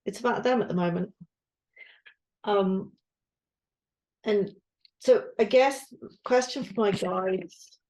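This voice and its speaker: A woman's voice: medium pitch, slow pace, pauses often, a little mellow, poor audio. Candid woman venting her worries. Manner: candid, self-searching, swearing, trailing off. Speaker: podcast co-host, guesthouse owner. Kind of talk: candid casual chat.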